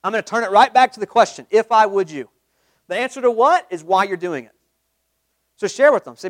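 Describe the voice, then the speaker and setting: A man giving a live sales training talk to a group, energetic, quizzing the room with questions and acting out sample calls. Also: high voice, fairly quick, no echo. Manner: acts out sample phone calls.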